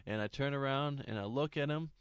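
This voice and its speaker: Young dude rambling thru a storytime vlog, laughing and swearing, pretty dry sound. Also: male voice, mid-range voice, fairly quick, clean tone, no echo.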